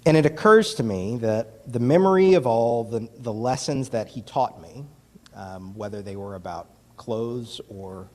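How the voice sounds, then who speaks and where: A man giving a reflective communion talk and prayer in a church, pausing often and using fillers. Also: medium pitch, a little mellow. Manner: reflective, with many pauses and fillers. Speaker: communion meditation leader. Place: church sanctuary. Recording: long hall reverb from a distance.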